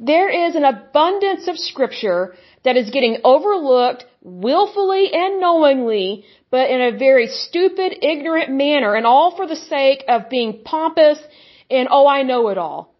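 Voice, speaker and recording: A woman's voice: high-pitched, animated, unhurried, muffled recording. A woman delivering an impassioned sermon, blunt and scornful, mocking the views she rejects. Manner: blunt, scornful, mocks opponents in put-on voices. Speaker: preacher. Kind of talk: impassioned religious monologue.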